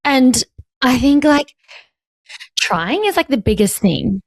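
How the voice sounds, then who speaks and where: A woman's voice: high-pitched, very animated, slow, dry recording. Chatty woman, dry close sound. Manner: chatty, heavy use of "like". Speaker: podcast co-host. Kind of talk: casual podcast chat.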